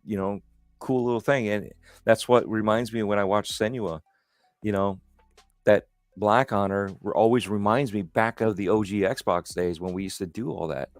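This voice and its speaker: A man's voice: fairly low pitch, fairly even intonation, normal speed, no echo, clean studio sound, soft background music. A man hosting a casual podcast chat, telling stories in a rambling, enthusiastic way. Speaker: host.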